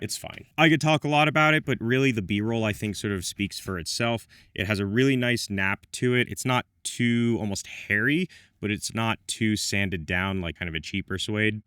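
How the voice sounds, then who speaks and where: Man, lowish voice, dry close mic, scripted product review, wry self-deprecating asides. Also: bright, forceful tone, clear, resonant tone, no room sound. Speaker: menswear reviewer.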